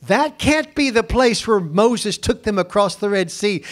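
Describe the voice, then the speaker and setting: A man teaching a Bible lesson as a home missionary, telling an anecdote in an animated way and acting out both sides of a conversation. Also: high-pitched, measured pace.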